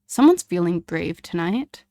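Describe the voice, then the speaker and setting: A woman's voice: on the low side, big pitch swings, a little slow, mellow, dry recording. A woman voicing a fuming young male hockey teammate who mocks with scorn. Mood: mocking. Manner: mocking, scornful.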